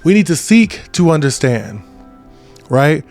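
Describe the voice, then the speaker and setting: A man's voice: on the high side, big pitch swings, measured pace, a little mellow, soft background music. A man in his twenties giving a casual motivational talk as a podcast host, often checking in with "right?". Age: 20s. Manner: conversational, repeats "right?" often.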